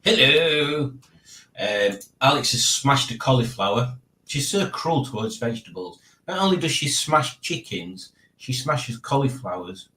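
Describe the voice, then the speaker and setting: A man's voice: mid-range voice, animated, normal speed, sharp tone, reverberant. A man hosting a live-stream quiz in casual chat, rambling and jokey as he reads viewer comments aloud.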